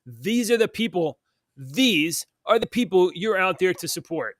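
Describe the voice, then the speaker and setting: Heated ranting man, higher voice, dry sound. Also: animated, unhurried, no echo. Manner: heated, scornful, reads news aloud then rants. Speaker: co-host of a morning talk show. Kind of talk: opinionated political rant.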